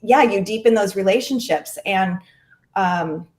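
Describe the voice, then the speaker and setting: A middle-aged woman talks about her work as a clothing stylist in a friendly, chatty way, with plenty of ums along the way. Her voice sits in the middle of the range. The room around her adds a clear echo. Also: mid-range voice, a little slow, a little mellow, slight background noise. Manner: chatty and friendly, with frequent fillers. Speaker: guest, clothing direct-sales stylist. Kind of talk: casual interview conversation. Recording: roomy echo.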